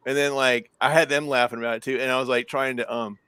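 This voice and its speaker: A man chatting casually as a guest on a live stream, playful and quick to laugh. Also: mid-range voice, steady tone, sharp tone, clean tone, no room sound. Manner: playful, laughs often, jokey. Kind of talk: casual chat.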